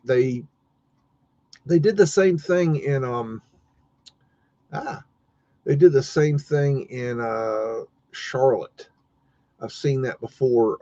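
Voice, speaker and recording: A man's voice: medium pitch, mellow, no room sound. A man chatting casually on a livestream, hesitant, with many fillers and restarts. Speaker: podcast co-host. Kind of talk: casual livestream chat while browsing maps. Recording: dull lo-fi stream audio.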